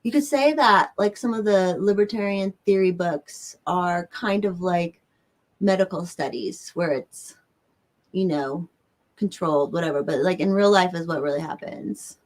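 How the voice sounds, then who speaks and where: Her voice is on the low side and she speaks unhurriedly. With a Southern American accent, this livestream host wanders through a loose, casual chat, answering questions from her viewers.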